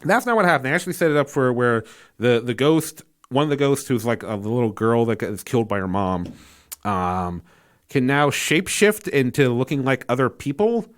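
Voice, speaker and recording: A man's voice: mid-range voice, very animated, normal speed. A man giving a casual spoken movie review, incredulous and exasperated, rambling with fillers and restarts and swearing freely.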